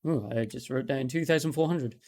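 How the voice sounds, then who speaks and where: A man's voice: mid-range voice, a little fast, a little mellow. A man narrating a tabletop game as game master on a live stream, often laughing and correcting himself.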